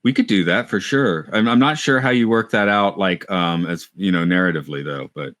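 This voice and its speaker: Low, dry-voiced man rambling in chat. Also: brisk, a bit bright, no echo. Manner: rambling, self-interrupting, thinks aloud. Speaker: podcast co-host. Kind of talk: casual chat. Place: lives in Japan.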